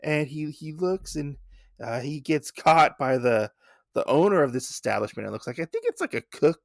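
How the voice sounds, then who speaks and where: A man's voice: on the high side, expressive, moderate pace, gravelly, no room sound, clean studio sound. A man hosting a podcast, recapping a comic in a rambling, casual way, swearing now and then. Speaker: podcast host.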